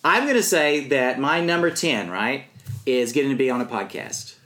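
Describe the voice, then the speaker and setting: A man co-hosting a podcast in casual chat, animated and often laughing. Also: medium pitch, normal speed. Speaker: podcast co-host.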